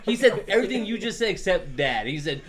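A man's voice: sits high, big pitch swings, fast talker, a loud crowd. A man co-hosting a casual podcast, telling boisterous stories and laughing often. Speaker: podcast co-host. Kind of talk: casual chat among friends.

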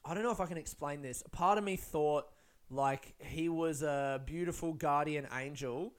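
A man's voice: a little high, normal speed, clear, resonant tone. A young man telling a rambling, swear-filled story, full of fillers and laughs. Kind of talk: casual storytelling.

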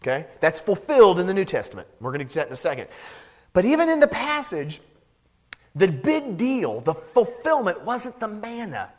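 A male pastor preaching a lively sermon, joking and acting out the people in the Bible story. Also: sits high, normal speed. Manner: animated, joking, acts out Bible characters.

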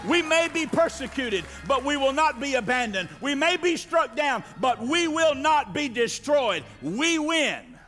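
A man with a very high voice delivers a fiery sermon, rising into shouted peaks and calling on the congregation to answer back. His voice rings through a reverberant church hall. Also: expressive, a little slow, few pauses, faint music behind, some chatter behind. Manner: preaching with shouted climaxes and call-and-response. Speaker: pastor.

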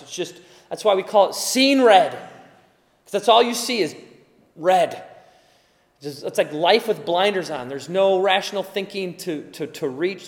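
Male preacher, light upper voice, chatty sermon delivery, reverberant hall. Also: on the high side. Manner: conversational, acts out quoted voices.

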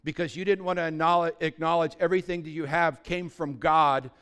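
A man's voice: fairly high pitch, steady tone, brisk, a bit bright, clear, resonant tone. A man preaching a sermon as pastor, blunt and urgent, asking the listeners rhetorical questions.

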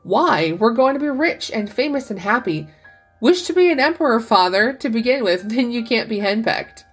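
A teasing young son , as a woman reads him, jokes and mocks playfully. The voice is husky and mid-pitched, over faint music. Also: expressive, moderate pace. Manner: playful and mocking.

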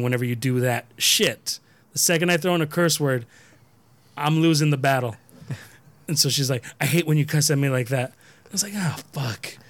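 A man hosting a podcast, chatting casually and telling a profane, animated story in which he acts out both sides. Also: fairly high pitch, no room sound. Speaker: podcast host.

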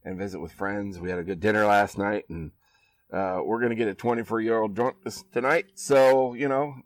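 A man's voice: lowish voice, fairly even intonation, brisk, dry recording, far from the mic, rough recording. A laid-back man from Iowa hosts a casual podcast from a backyard. He chats loosely and laughs often, and the sound is dry and close. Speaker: podcast host. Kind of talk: casual chat. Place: outdoors in a backyard.

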